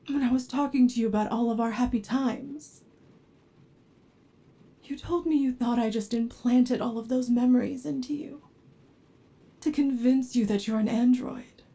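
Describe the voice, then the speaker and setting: A woman voicing an obsessive, devoted android with an unstable temper in a whispered role-play, talking softly and pleading, sometimes flaring into anger. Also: sits high. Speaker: ASMR role-play performer.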